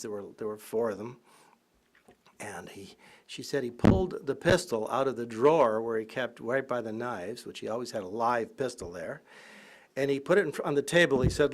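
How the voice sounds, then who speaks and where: A professor giving a public lecture, telling anecdotes and acting out the voices in them. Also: male voice, mid-range voice, moderate pace. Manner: lively anecdotal storytelling, acting out quotes. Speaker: professor and biographer.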